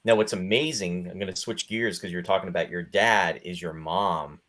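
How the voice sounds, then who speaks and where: A man with a very low voice hosts a casual interview. He mostly steps in with short, eager prompts and reactions to keep his guest's story going. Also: steady tone, normal speed, fairly bright tone. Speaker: interview host.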